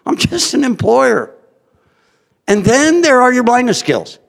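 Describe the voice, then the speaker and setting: A man's voice: very high-pitched, big pitch swings, takes it slowly, creaky. A middle-aged man, an employer, giving a humorous, blunt talk to an audience, chuckling often as he jokes. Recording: long hall reverb.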